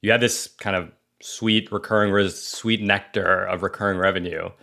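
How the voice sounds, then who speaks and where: A man in his thirties hosting a podcast, telling stories in an animated way with frequent restarts. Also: sits low, moderate pace, gravelly. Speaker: podcast host. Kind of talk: casual podcast conversation.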